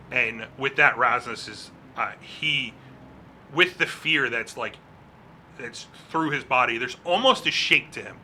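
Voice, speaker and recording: A man's voice: medium pitch, measured pace, bright, forceful tone, a little hiss or hum. A man narrating a tabletop game as game master, describing scenes casually with frequent fillers.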